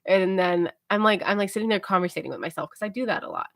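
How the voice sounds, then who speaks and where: A tired young woman rambles through a story on her livestream, mellow and chatty, with lots of fillers. Her voice sits at an ordinary middle pitch and sounds dry and close, with little room sound. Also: fast, no echo. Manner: rambling, filler-heavy, self-talking. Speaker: livestream host. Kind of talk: casual storytelling chat.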